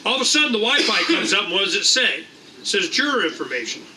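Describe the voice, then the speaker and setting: A man's voice: sits high, very animated, fast talker. A middle-aged man hosting a meeting, talking in a rambling, irreverent way with casual swearing. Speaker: host of a liberty meeting. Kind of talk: animated casual talk to a room. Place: meeting room. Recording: distant mic in a room, faint noise.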